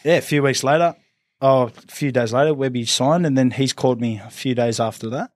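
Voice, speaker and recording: A man, a professional rugby league player, telling stories in a casual interview, rambling and relaxed, saying "mate" often and acting out what others said. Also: medium pitch, fairly quick, no echo, studio quality. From New Zealand family ties. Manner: relaxed, rambling, says "mate" a lot, acts out quotes.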